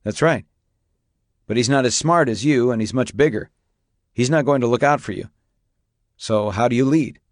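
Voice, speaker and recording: A man's voice: medium pitch, normal speed, pauses often, no room sound, clean studio sound, natural voice. A man voicing a weathered older horseman, barking commands at a rider and then talking him through it plainly and firmly. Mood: patient, firm. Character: weathered older horseman, stern but caring.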